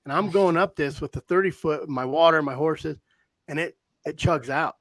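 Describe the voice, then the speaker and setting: Animated storytelling man, dry close sound. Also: a little high, moderate pace, dry recording. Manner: rambling, animated storyteller with frequent restarts. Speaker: podcast host, hound hunter. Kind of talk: casual storytelling chat.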